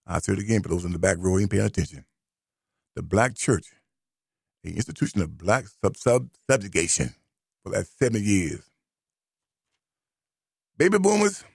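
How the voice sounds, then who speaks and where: Male talk radio host, gravelly and husky, preachy and emphatic. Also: lowish voice, no echo, clean studio sound. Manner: emphatic and preachy, repeats key phrases for stress. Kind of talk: opinionated radio commentary monologue. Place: radio studio.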